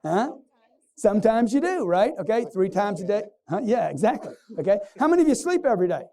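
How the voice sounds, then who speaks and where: A man's voice: high-pitched, big pitch swings, brisk, mellow. A man giving a motivational sales seminar on stage, quizzing the live audience and acting out customers in punchy bursts. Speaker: sales trainer.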